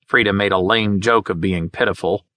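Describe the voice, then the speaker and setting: A man reads an audiobook in a measured, even-handed way. His voice sits a little low yet has a forceful, bright edge. The studio sound is close and dry, with no room around it. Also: dry recording. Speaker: audiobook narrator. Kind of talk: scripted narration.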